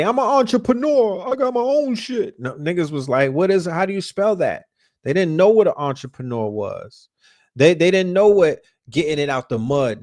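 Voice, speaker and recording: A man from Brooklyn with a New York accent, hosting a podcast and telling stories in a casual, profane, animated way, often restarting his words. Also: mid-range voice, no room sound, clean studio sound. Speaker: podcast host. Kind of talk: casual storytelling.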